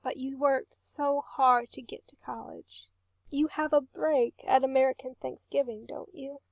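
A woman voicing a loving, worried mother who speaks softly and tenderly, in an audiobook reading. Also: sits high, steady tone, measured pace, creaky, dry recording, highs cut off. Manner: soft, tender, murmuring.

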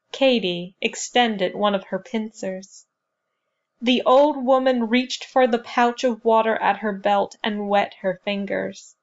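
Slow, measured woman narrating a story. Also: medium pitch, highs cut off. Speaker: audiobook narrator. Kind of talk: scripted narration.

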